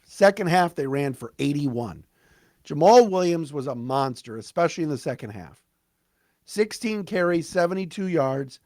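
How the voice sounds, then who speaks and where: A man hosting a solo sports podcast, recapping a game in an excited, emphatic, conversational way. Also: on the high side, dry recording, studio quality. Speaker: podcast host.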